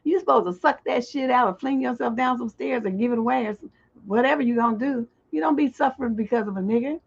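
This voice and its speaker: A woman's voice: a little high, fast, gravelly, breathy edge. A middle-aged woman hosting a livestream relationship advice show, reading viewer letters and answering in blunt, profane, exasperated rants. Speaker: relationship coach and livestream host. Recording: dull lo-fi stream audio.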